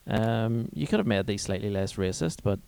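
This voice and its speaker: A man's voice: fairly low pitch, moderate pace, gravelly, darkish tone, clean tone, no room sound. A man co-hosting a casual chat, teasing and bantering. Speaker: co-host.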